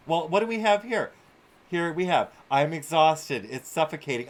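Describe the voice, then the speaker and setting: A man's voice: fairly high pitch, big pitch swings, a little slow. A male host ranting through live-streamed commentary, exasperated and swearing freely.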